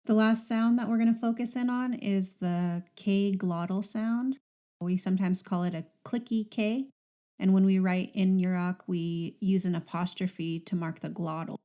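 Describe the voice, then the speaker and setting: A woman's voice: medium pitch, warm tone. A woman hosting a podcast language lesson, patiently modelling sounds and words for listeners to repeat.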